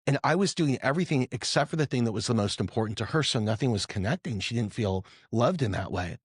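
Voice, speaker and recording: A man's voice: medium pitch, animated, fast talker, breathy edge, no room sound, clean studio sound. A man on a podcast panel, a father, telling a personal story in an earnest, reflective way. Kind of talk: personal anecdote in conversation.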